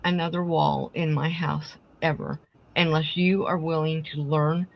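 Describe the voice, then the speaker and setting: A woman's voice: sits low, fairly even intonation, unhurried, gravelly, muffled recording, a little hiss or hum. A middle-aged woman hosting a craft live stream, casually telling family stories and acting out the dialogue. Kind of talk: casual storytelling chat.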